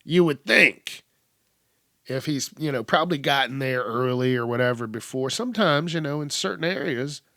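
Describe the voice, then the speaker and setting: A young man hosting a podcast, retelling a news story in a profane, animated way and acting out the quotes. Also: mid-range voice, moderate pace, no room sound, clean studio sound. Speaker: podcast host. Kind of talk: casual news commentary.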